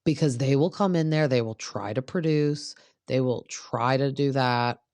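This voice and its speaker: A woman's voice: a bass voice, measured pace, a little mellow, dry recording, clean studio sound. A woman hosting a podcast, chatting casually through a reality TV recap and filling her talk with "like". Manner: chatty, peppered with "like". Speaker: podcast host.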